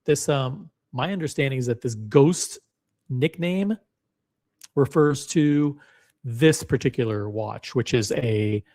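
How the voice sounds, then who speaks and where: A man's voice: medium pitch, slow, warm tone. A man hosting a live stream, reading a forum post aloud and commenting on it bluntly, with profanity and repeated words. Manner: blunt and profane, repeats himself, talks straight to chat.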